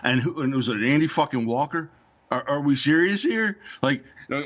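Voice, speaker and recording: Ranting, swearing man, slightly high voice. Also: expressive, moderate pace, a bit bright. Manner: heated, profane ranting. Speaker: podcast co-host. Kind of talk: casual football chat.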